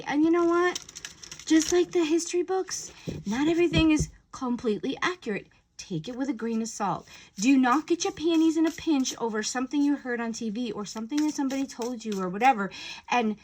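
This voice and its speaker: A woman speaks in a slightly high voice, giving spiritual advice to her viewers. She talks casually and bluntly, with plenty of fillers, like she is chatting with friends. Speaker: spiritual message reader.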